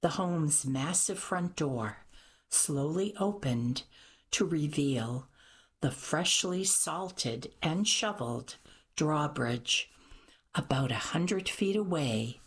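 Low, husky woman narrator. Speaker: audiobook narrator. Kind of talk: scripted narration.

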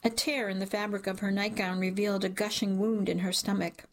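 A woman reading a dark first-person story aloud in a measured, dramatic way. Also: medium pitch, little pitch movement. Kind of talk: scripted audiobook narration.

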